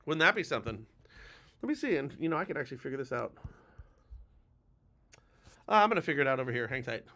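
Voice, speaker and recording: A man hosts a live-streamed coaching talk for mortgage lenders, and he is a mortgage lender himself. His medium-pitched, sharp voice is very animated and fast, emphatic and urgent, blunt and a little profane.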